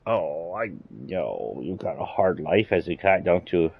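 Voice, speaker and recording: Low-voiced man chatting while gaming. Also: sing-song, a little slow, vocal fry, husky, phone-quality sound. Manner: rambling, chuckling to himself, chatty with his cat. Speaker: game streamer. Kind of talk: casual live-stream chat.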